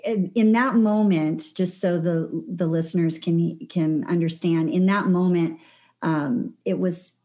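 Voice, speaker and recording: A woman hosts a podcast in a casual, chatty way, often circling back with fillers and restarts. Her voice sits a little low. She grew up in Southern California. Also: dark tone. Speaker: podcast host.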